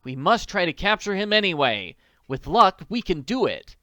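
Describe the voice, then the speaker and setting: A man's voice: sits high, sing-song, moderate pace, pushed and bright, no room sound, clean studio sound, voice pushed up, full character voice. A man reading an audiobook, voicing a brave, determined teenage girl detective in an urgent, earnest way. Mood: resolute. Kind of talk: audiobook character voice.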